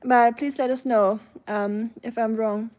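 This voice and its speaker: A woman with a German accent chats through a relaxed live stream, reading comments aloud and answering them one by one. Her voice sits slightly high, and her talk is easygoing and conversational. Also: a little slow. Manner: chatty, reads out and answers chat comments. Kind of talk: casual live-stream chat.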